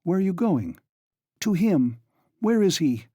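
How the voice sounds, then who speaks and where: A desperate young woman, as a male reader puts her on cries out in a lifted, frantic voice. Her tone stays mellow and the sound is dry and close. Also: sits high, sing-song, a little slow, slightly rough, no echo, pitched above the performer's own voice, full character voice. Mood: accusing. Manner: frantic, raised voice.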